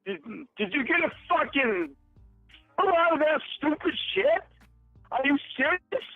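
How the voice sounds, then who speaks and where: A man's voice: very high voice, big pitch swings, measured pace, no echo, soft background music. An angry man on a phone call, accusing and swearing heavily, heard over a tinny phone line.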